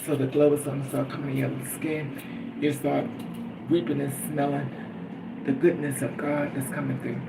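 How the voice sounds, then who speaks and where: A man's voice: on the high side, level tone, moderate pace, gravelly. A man talking in a casual spiritual monologue, earnest and rambling, repeating phrases like a chant. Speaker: vlogger. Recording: noisy, from a distance.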